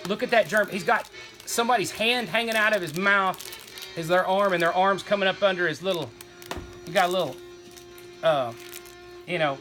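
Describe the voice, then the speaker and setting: Bright, chatty man. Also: sits high. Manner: rambling, enthusiastic, folksy. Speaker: toy collector host. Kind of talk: casual show-and-tell chat.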